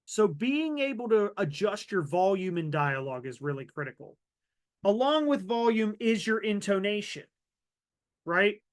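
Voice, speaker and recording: A man with a high, bright-sounding voice leads a virtual training session. He talks in a lively way, dropping to a softer register and slowing down whenever he wants a point to land. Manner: animated, varies loudness and pace for emphasis. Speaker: webinar presenter.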